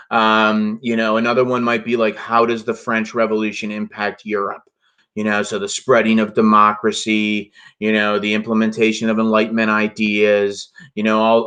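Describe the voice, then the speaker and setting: A man talks through a history review in a relaxed classroom manner. His voice is bright and forward, and he often restarts his sentences and fills pauses as he goes. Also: mid-range voice. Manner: conversational, many fillers and restarts. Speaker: history teacher. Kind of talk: casual classroom review lecture.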